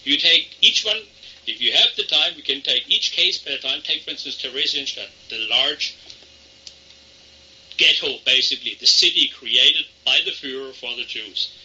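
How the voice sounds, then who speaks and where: A man from southern Germany with a German accent, answering interview questions in a measured, explanatory way. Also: medium pitch, sharp tone. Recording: dull lo-fi archival audio.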